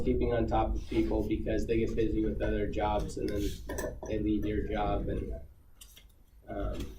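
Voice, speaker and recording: A man's voice: on the low side, creaky. A man speaking as a guest to students in a casual, rambling way, full of fillers and restarts. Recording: echoey room, far from the mic, noisy.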